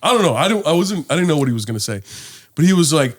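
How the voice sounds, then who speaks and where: A man co-hosting a casual podcast, telling stories with lively acted-out quotes and plenty of swearing. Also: on the high side, racing. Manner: animated storyteller, acts out quotes, swears freely. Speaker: podcast co-host. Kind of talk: casual chat.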